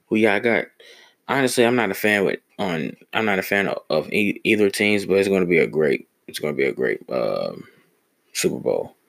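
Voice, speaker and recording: Deep gravelly young man ranting. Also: no room sound. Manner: blunt, profane, heated storytelling. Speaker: podcast host. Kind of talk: casual solo podcast storytelling.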